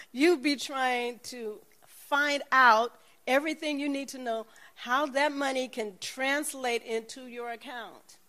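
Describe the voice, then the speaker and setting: A woman's voice: a little high, measured pace. A middle-aged woman preaching, telling a personal testimony and acting out the people in it. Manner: animated storytelling, acts out the people in her story.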